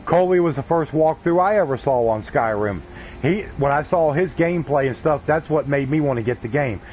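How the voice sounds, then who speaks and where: A man's voice: fairly high pitch, a little fast, slight background noise. A man hosting a game livestream, chatting casually and rambling in a laid-back, folksy way. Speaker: gaming livestream host. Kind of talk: casual chat while streaming a game. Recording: slightly dull lo-fi stream audio.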